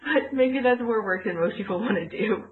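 A woman's voice: mid-range voice, a little fast, slight background noise. A woman co-hosting a podcast in casual chat, talking in a rambling way with lots of fillers. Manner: chatty, rambling with many "like" fillers. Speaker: podcast co-host. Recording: tinny call line.

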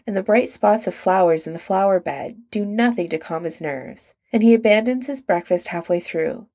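A woman narrating an audiobook in calm, even scripted storytelling. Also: mid-range voice.

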